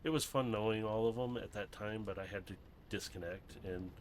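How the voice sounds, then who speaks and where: A man's voice: on the low side, a little fast, slight background noise. A man streaming while he builds a brick model, chatting casually, rambling and laughing often.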